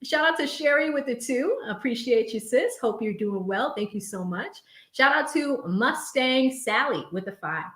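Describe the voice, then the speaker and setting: A woman's voice: high-pitched, animated, moderate pace, fairly bright tone, roomy sound. A young woman hosting a casual live stream from home, chatting expressively and often laughing as she reads viewer messages aloud. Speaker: livestream host reading viewer super chats.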